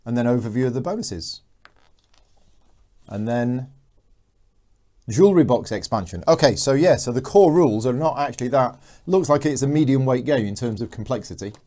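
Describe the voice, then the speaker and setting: A man talks through a live board game unboxing in a relaxed, rambling way, answering viewers' comments as they come in. His voice is mellow and dark, and it sits at an ordinary middle pitch. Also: normal speed, long pauses. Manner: chatty, reads viewer comments aloud. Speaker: board game channel host.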